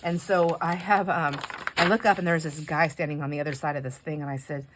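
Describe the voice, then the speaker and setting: A woman's voice: sits low, flat delivery, fairly quick, noisy background. A woman chatting casually while decorating pages, telling a rambling story with asides about her crafting. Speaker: craft vlogger.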